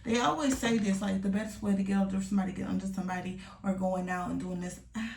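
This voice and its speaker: A young woman vlogs from home in a candid, slangy, confessional way, now and then sinking into soft asides. Her voice has a gravelly edge, and it sits a little back from the mic in a roomy-sounding space with a faint hiss behind it. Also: mid-range voice, steady tone, moderate pace, far from the mic. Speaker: vlogger. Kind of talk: casual confessional chat. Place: home room.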